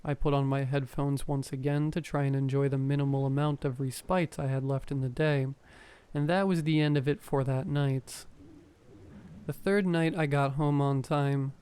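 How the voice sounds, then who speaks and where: Guy reading a creepy story, calm and steady, clean smooth voice. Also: mid-range voice, normal speed. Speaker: horror story narrator. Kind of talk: scripted first-person horror narration.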